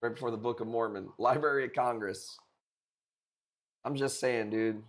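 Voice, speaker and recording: A man's voice: medium pitch, steady tone, moderate pace. A young man hosting a live stream coral auction, chatting casually and cracking crude jokes with viewers. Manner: joking, rambling, crude banter with chat.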